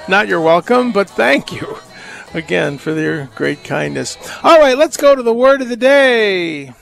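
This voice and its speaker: A man hosting a Catholic call-in radio show, reading letters and answering questions in a rambling, halting, wry way. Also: sits high, big pitch swings, vocal fry, over music. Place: radio studio. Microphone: studio microphone.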